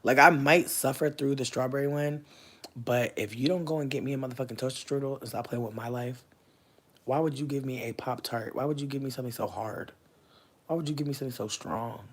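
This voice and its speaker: Brief: thirties man, livestream host, mid-pitched, casual and profane, volume jumps from hushed to loud. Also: fast. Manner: expressive, swinging between loud bursts and low murmurs; profane, slangy, chatty.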